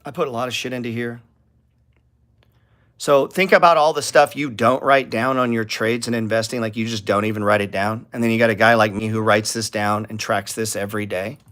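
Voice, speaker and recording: A man's voice: on the low side, steady tone, a little fast. Blunt, profane man talking trades. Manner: blunt, profane, rambling, gets heated and louder. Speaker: stock trading channel host. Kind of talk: casual trading talk to viewers.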